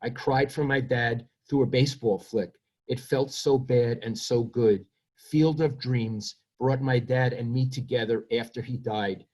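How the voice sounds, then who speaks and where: A man's voice: mid-range voice, a little slow, darkish tone. Older New man reading his book. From Brooklyn, New York. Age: 70s. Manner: reflective, self-deprecating. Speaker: author.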